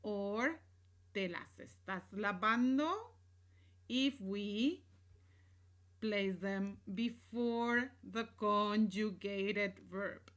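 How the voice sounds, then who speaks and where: A woman's voice: medium pitch, very slow, a bit bright. A woman teaching a recorded grammar lesson, explaining step by step and often checking in with "right?" and "¿sí?", moving between English and Spanish examples.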